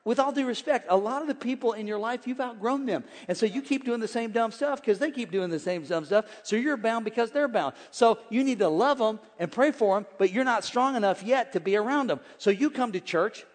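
High-voiced energetic male pastor preaching. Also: fairly quick, hardly any pauses, in a large hall. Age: 40s. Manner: energetic, swings from shouting to hushed; folksy, joking preacher. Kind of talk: sermon. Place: large church hall with congregation.

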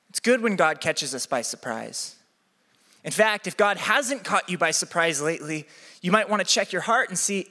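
Animated, high-voiced male pastor. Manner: animated, comic storytelling. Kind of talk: storytelling sermon. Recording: echoey hall.

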